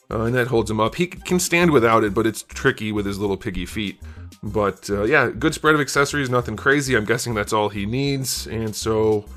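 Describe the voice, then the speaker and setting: Slightly winded from being ill, a man rambles casually through an action figure review, full of fillers and hedges. His voice is fairly low in pitch with a fairly bright tone.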